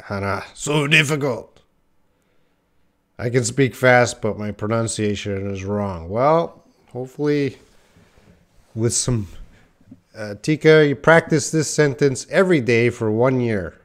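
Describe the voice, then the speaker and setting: A man leading a live online English class, talking slowly and carefully. He is playful, tries tongue twisters, laughs at his own slips and answers viewers' comments as he goes. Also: mid-range voice. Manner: chats with viewers reading their comments. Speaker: English teacher.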